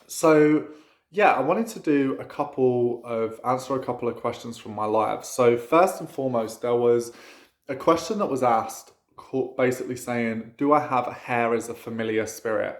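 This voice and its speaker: Man, casual vlog talk, rambling and chatty, gravelly voice, echoey room. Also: mid-range voice, moderate pace. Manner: rambling, chatty, frequent fillers and laughs. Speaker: witchcraft vlogger.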